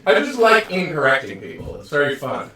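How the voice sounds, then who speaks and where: A man's voice: on the high side, very animated, a little fast, distant mic, crowd noise. Dry, teasing podcast co-host man, off-mic. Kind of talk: casual chat. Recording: roomy, off-mic sound.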